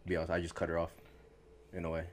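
A young man co-hosting a casual podcast, talking bluntly and laid-back, often trailing off quietly. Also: deep voice, completely flat delivery, racing, slight background noise. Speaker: podcast co-host. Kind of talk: casual chat.

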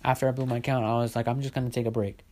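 A man's voice: mid-range voice, flat delivery, very fast, a little mellow. Rambling young man in his twenties. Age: 20s. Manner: rambling, lots of "like", swears freely. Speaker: vlogger. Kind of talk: casual storytelling vlog.

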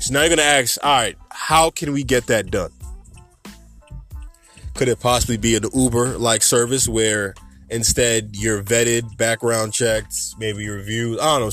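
A young man talks through a solo podcast in a loose, conversational way, drifting into asides as he goes. His voice sits at an ordinary middle pitch. Faint music plays underneath. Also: a bit bright. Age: young adult. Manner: casual, conversational, rambling with asides. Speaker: podcast host.

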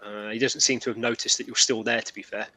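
Bright-toned man, game master, loose and rambling narration. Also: medium pitch, fairly even intonation, quick pace. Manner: rambling, with many restarts.

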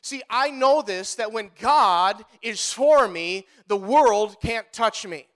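A man's voice: high voice, expressive, slow, a bit bright. A male pastor preaching a sermon to his congregation, driving his points home with emphatic repetition.

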